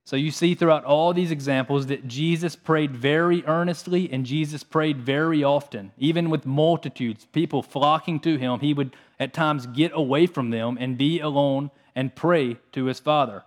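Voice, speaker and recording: A man preaching a sermon, reading scripture passages and explaining them in an earnest, steady way. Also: a little high, normal speed, hardly any pauses. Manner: earnest, reads scripture aloud between plain explanations.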